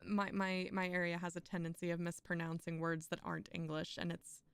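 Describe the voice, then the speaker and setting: A woman's voice: fairly low pitch, level tone, fairly quick, clean tone. A young woman streaming a poetry reading, reciting poems aloud and breaking off into chatty asides with frequent laughs.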